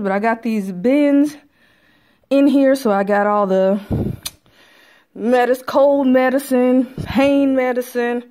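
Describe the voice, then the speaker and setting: A woman's voice: mid-range voice, steady tone, a little slow, darkish tone. A woman narrates a tour of her home as she moves between rooms. Her talk is loose and chatty, full of fillers and side remarks. It sounds like a casual home video shot on a handheld camera. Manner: chatty, rambling, frequent fillers. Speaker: vlogger giving a house tour. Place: inside a house, walking room to room.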